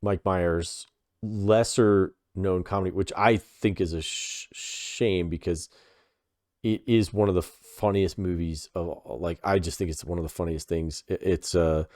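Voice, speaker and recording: A man with a very low voice rambles through a casual podcast chat, leaning heavily on fillers as he tells a story. He is recorded dry and close on the mic. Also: fairly even intonation, a little slow, a little mellow, no room sound. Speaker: podcast co-host.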